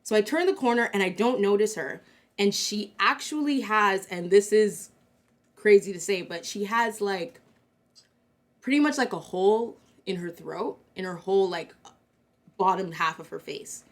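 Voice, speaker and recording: A woman's voice: mid-range voice, moderate pace. Chatty young woman telling a story. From Canada. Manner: chatty, lots of fillers, acts out quotes. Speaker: co-host. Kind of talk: casual storytelling chat.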